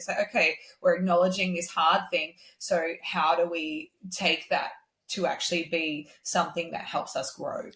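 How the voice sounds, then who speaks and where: A woman's voice: on the low side, little pitch movement, normal speed, fairly bright tone. Earnest woman, roomy sound. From Australia. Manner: candid, earnest storytelling. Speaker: guest singer-songwriter. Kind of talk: casual conversation. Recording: roomy echo.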